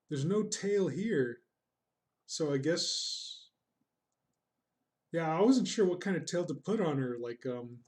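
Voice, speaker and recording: Streaming as he draws, a man chats casually and reads chat comments aloud in a rambling, goofy, self-deprecating way. His voice is fairly high with a somewhat dark tone.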